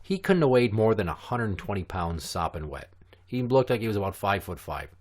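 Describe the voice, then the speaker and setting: A man hosting a podcast, telling a story in a casual, animated, profane way. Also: lowish voice, fairly quick. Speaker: podcast host.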